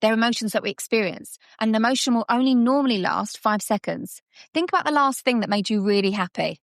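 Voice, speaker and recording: A woman guest on a podcast, a subconscious coach who explains ideas in a lively way and acts out little scenes. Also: on the high side, fast talker, dry recording, studio quality. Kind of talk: conversational coaching talk.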